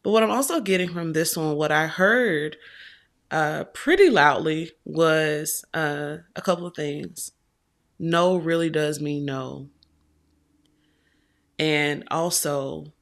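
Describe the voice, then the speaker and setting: Slow, gravelly woman tarot vlogger. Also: sits low. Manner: heartfelt, affectionate, addresses viewers directly. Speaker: tarot reader and channel host. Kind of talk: casual direct-to-camera tarot vlog.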